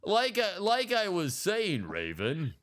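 Animated joking man in his fifties. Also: high voice, slow pace. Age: 50s. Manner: joking, animated, puts on silly voices. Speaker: podcast host. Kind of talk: casual comedic chat.

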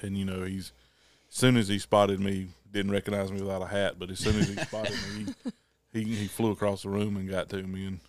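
A man hosting a podcast in casual chat. His voice is off, and he rambles and clears his throat. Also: deep voice, level tone, brisk, crowd noise. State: throat catching, voice off. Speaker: podcast host.

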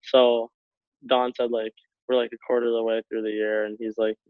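A young man, a hockey player, telling a story in a rambling casual way, full of likes and quick laughs. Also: medium pitch, level tone, no room sound. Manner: rambling, many likes, laughs between phrases. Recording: tinny phone-like line, dry.

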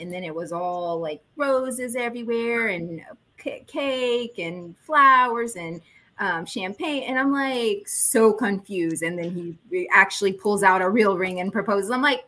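Woman, 40s, guest storyteller, bright tone, dramatic pitch jumps. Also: normal speed. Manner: animated storyteller, acts out quotes with big pitch jumps. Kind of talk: personal storytelling in a podcast chat.

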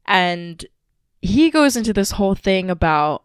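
A woman's voice: medium pitch, very animated, measured pace, clean tone, no echo, clean studio sound. A woman podcast co-host telling a personal story in a casual, emotional, rambling way with lots of fillers.

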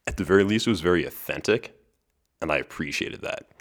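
A young man hosts a podcast alone, spinning a story with a very deep voice. He talks casually, tripping over a word now and then and laughing between lines. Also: brisk, a bit bright. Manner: chatty, laughs between lines, restarts words. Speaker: podcast host.

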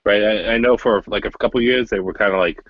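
A young man talks fast and loose on a podcast, swearing freely and restarting sentences. His voice is husky and the close, dry recording sounds dull and lo-fi. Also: on the low side, no room sound. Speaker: podcast co-host. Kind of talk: casual chat.

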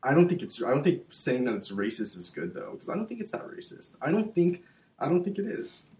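A man co-hosting a casual podcast chat, telling stories in an animated, heated way with plenty of swearing. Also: fairly high pitch, brisk. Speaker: podcast co-host. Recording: roomy echoey room.

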